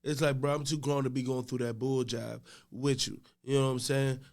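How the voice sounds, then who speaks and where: A middle-aged man, a podcast guest, telling a story in casual chat. He starts out laid-back and gets loud and laughing as the story builds. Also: medium pitch, level tone, fairly quick, creaky.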